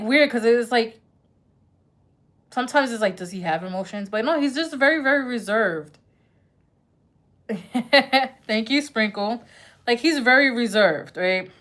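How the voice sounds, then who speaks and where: A woman's voice: a little high, a bit bright. A woman giving a casual live-stream tarot reading, chatty and full of "like" and "right?", who says her accent is thick. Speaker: tarot reader.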